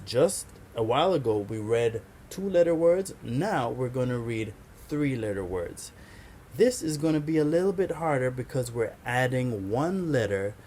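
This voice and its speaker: A man's voice: medium pitch, dark tone, a little hiss or hum. A man teaching a kindergarten phonics lesson, patiently sounding out letters for young children.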